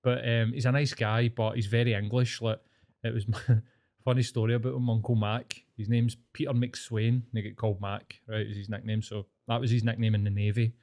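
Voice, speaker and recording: A man's voice: lowish voice, normal speed. Sweary Glaswegian man telling stories. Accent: Glaswegian Scottish. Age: 40s. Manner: sweary, animated storyteller who acts out relatives' lines. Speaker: podcast co-host. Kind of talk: casual comedy chat.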